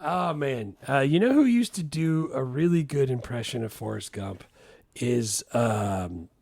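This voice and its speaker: A man's voice: medium pitch, lively intonation, measured pace, gravelly, darkish tone, no echo. A man co-hosting a podcast in casual chat, loose and full of fillers, often saying "dude" and "freaking". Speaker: podcast co-host.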